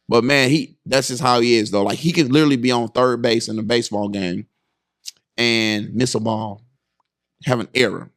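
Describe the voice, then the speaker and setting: Hosting a relaxed parenting podcast, a father in his thirties tells family stories vividly, frequently checks in with listeners, and acts out his sons by jumping far up and down in pitch.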